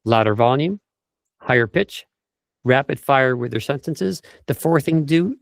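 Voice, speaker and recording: A man's voice: mid-range voice, expressive, normal speed, creaky, long pauses, dry recording, studio quality. A man working as a vocal coach, explaining tips step by step in an interview over a video call and briefly demonstrating speech habits.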